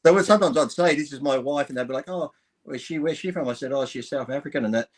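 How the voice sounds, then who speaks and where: A man's voice: medium pitch, fast. A male co-host in a casual talk. He rambles through stories and swears freely as he goes. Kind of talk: casual chat.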